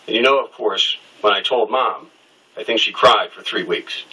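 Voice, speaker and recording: Middle-aged man, bright husky storytelling voice. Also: on the low side, moderate pace, recorded from a distance, low-quality recording. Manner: candid, wry, acts out the people he quotes. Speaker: interviewee. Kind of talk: personal storytelling.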